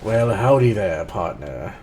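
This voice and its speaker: A man's voice: on the low side, sing-song, takes it slowly, a little mellow, slight background noise. A man putting on a drawling southern cowboy scholar. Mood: folksy. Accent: put-on American Southern. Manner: folksy drawl.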